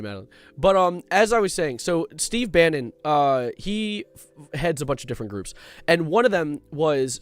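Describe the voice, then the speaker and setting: A man's voice: on the high side, no echo. A man in his twenties chatting casually on a live stream, rambling and jumping between reading chat and his topic.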